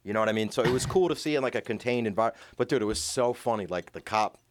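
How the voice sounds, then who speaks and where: A man's voice: on the low side, racing, slight background noise. A young man telling a story in casual chat, swearing and acting out quotes.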